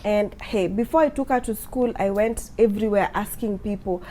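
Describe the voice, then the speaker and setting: A woman's voice: medium pitch, moderate pace, dark tone, slight background noise. A Kenyan woman in her thirties, a mother recounting her life with an autistic child, mixing English and Swahili as she talks. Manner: switches between English and Swahili mid-sentence, acts out voices in quotes. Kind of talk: emotional personal storytelling.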